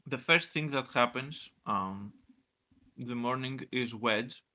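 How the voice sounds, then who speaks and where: A man acting as game master in a tabletop role-play, with a very bright, forceful tone. He talks casually and halts to search for words. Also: medium pitch. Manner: casual, halting with fillers.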